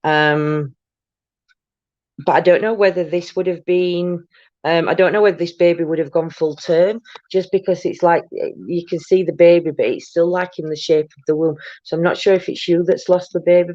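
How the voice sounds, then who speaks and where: A woman's voice: fairly low pitch, steady tone, moderate pace, darkish tone, dry recording, dull audio. An older woman, tired, chatting casually on a live stream as a tarot reader, greeting viewers by name with many ums.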